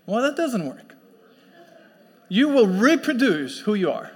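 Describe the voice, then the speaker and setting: Pastor guy preaching, kinda high voice, church hall echo all around, chatty storytelling vibe. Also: very animated, unhurried, breathy edge. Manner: conversational storytelling with acted quotes. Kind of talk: sermon. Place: church sanctuary. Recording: long church hall reverb.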